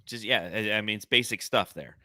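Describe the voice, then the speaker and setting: A man's voice: on the low side, fairly quick, sharp tone, dry recording, clean studio sound. A man co-hosting a sports podcast, talking in casual, profane, blunt rants. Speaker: podcast co-host.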